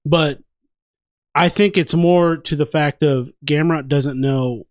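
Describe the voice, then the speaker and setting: A man's voice: on the high side, takes it slowly, a little mellow, dry recording, clean studio sound. A man co-hosting a fight watch-party podcast, swearing freely and circling back to the same argument again and again. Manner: profane, repeats his point insistently. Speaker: podcast co-host. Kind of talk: casual chat.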